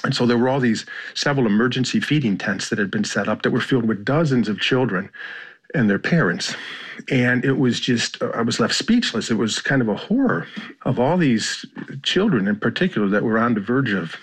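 An American man, a journalist guest in an interview, telling a story in a measured, halting way. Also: mid-range voice, expressive, husky. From United States. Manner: measured, halting, with fillers and repeats.

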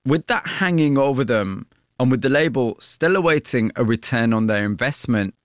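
A man's voice: mid-range voice, expressive, normal speed, no room sound. Dry-voiced male interviewer. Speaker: interviewer and narrator. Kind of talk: documentary narration and interviewing.

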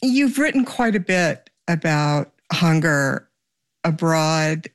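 Interviewer, mid-pitched, slow deliberate delivery, dry close recording. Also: very animated, clean tone, no echo. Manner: deliberate, probing questions. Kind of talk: interview questions.

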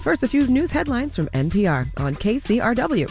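A woman hosting a radio music show, reading station identification and greeting listeners in an upbeat, lively way. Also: a little high, moderate pace. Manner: upbeat, bright-spirited, lively announcing. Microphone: studio mic.

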